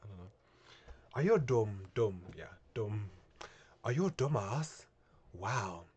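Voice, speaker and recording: A man's voice: fairly low pitch, expressive, darkish tone. A man voicing a blunt, sarcastic otherworldly guide in an attempted Northern English accent, reading a visual novel aloud. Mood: mocking. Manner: mocking, rough, drawn-out questions.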